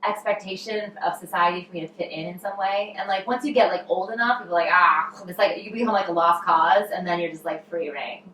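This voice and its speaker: A woman's voice: on the low side, fast, hardly any pauses. A woman guest on a podcast, chatting casually and acting out quotes as she tells stories. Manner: animated storyteller, acts out quotes, many fillers. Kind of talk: casual chat. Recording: roomy, distant mic with faint noise.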